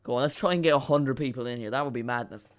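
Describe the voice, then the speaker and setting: Guy rambling on his live stream, chatty, reacting to chat and the game, mid-pitched voice. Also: fast, smooth. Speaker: streamer hosting a live football watchalong.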